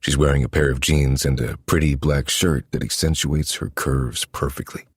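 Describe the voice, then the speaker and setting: A man narrating a first-person romance story in a low, intimate, steady manner. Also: normal speed, slightly rough, dry recording, studio quality. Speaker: audiobook narrator.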